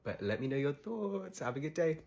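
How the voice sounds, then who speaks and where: A man's voice: fairly high pitch, very animated, brisk, creaky, a little mellow. A young man musing in a casual selfie vlog, chatty and reflective.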